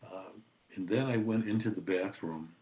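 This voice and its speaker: Older male guest, low-pitched, easygoing raconteur. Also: normal speed. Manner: relaxed anecdotal telling, often laughing. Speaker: attorney and podcast guest. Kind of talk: casual storytelling.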